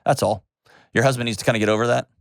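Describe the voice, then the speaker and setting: A man's voice: mid-range voice, fairly even intonation, rapid-fire, creaky, no room sound, studio quality. A man hosting a call-in advice show, talking in a direct, reassuring way and cutting in to steer the conversation. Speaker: host.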